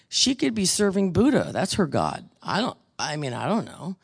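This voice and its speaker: A woman's voice: mid-range voice, very animated, moderate pace, creaky, breathy edge. A woman leading a casual Bible study, chatty and storytelling, with frequent restarts.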